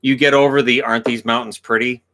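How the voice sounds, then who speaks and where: Canadian man hosting a livestream, forceful bright tone, jokey and quick with silly voices. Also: mid-range voice, little pitch movement, slight background noise. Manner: joking, playful, quick to slip into silly voices. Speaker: livestream host. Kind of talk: casual livestream chat.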